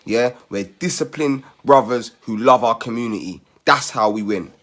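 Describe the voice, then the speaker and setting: A man's voice: medium pitch, normal speed, fairly bright tone. A man making a rallying community appeal, persuasive and ending his points with "yeah?".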